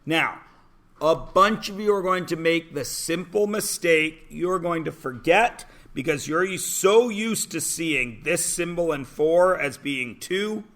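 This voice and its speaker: A man's voice: a little high, takes it slowly, fairly bright tone. A man in his forties teaching a math class in a classroom, chatty and joking with his students. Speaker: high school math teacher. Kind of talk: classroom lecture.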